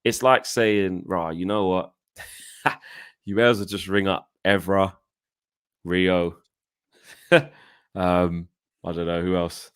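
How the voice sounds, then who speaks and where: A man in a casual fan chat who tells stories in an animated way and acts out his own shouting. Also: sits low, slow, long pauses, smooth. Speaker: co-host of a fan channel.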